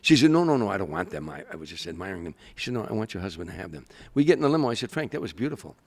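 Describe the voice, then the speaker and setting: An older comedian telling stories in an interview, animated and acting out the people he quotes. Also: sits low, rapid-fire. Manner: animated storyteller, acts out quoted voices. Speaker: guest, comedian. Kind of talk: storytelling interview.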